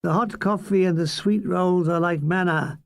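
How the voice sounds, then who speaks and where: A man reading his own comic memoir aloud, dry and wry, with deadpan jokes and asides to the listener. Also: high-pitched, normal speed, gravelly, no echo.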